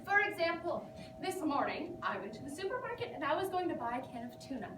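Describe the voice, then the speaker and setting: A woman's voice: high voice, big pitch swings, fast. A young woman acting a rambling, neurotic patient who vents to her therapist in a theatrical comic monologue, giggling as she talks. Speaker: actor performing a monologue. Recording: echoey room, distant mic, background noise.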